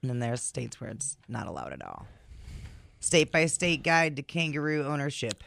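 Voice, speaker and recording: A man's voice: medium pitch, wildly swooping pitch, normal speed, vocal fry, fairly bright tone. A man co-hosting a radio morning show, teasing his partner and laughing easily. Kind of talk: casual radio banter.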